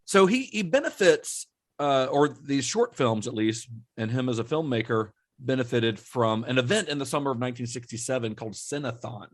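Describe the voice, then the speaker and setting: A man's voice: medium pitch, normal speed. Chatty man hosting a film podcast. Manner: chatty, laughs often while explaining. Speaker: podcast host. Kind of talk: casual film podcast chat.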